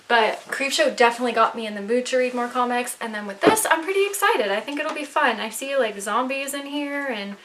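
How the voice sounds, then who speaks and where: A young adult woman showing off her recent purchases in a casual vlog at home, chatty and excitable, a little out of breath. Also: fairly high pitch, slight background noise. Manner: chatty, excitable, rambling with fillers. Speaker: vlogger. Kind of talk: casual show-and-tell haul video. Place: home, indoors.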